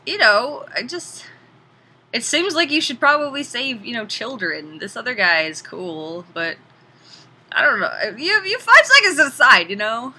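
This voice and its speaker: A woman casually reviewing a video game in an animated, chatty way, sometimes swearing. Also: a little high, normal speed, slightly rough, poor audio.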